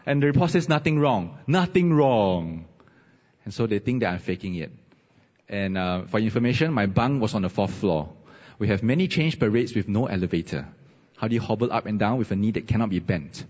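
Male pastor, husky, animated storyteller, recorded dull and echoey in a church hall. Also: fairly low pitch, fast. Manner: animated storytelling, rising emphasis. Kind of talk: sermon with personal story. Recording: husky voice, dull sound, long reverb.

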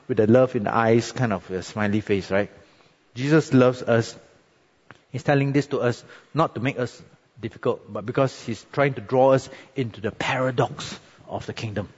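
Pastor preaching in a church hall. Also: male voice, mid-range voice, slightly rough. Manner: conversational, animated, frequent tag questions. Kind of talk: sermon. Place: church sanctuary. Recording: dull, echoey hall recording.

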